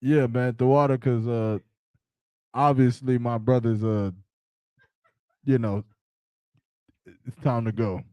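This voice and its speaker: A man's voice: mid-range voice, steady tone, slow pace, pauses often, mellow, smooth, dry recording. A man hosting a podcast, talking loosely in slang and joking around with his co-hosts. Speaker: podcast host. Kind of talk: casual podcast chat.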